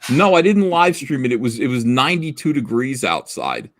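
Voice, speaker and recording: A man's voice: medium pitch, big pitch swings, normal speed. A man hosting a livestream over a remote call, telling rambling anecdotes in blunt, profane casual chat. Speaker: livestream host.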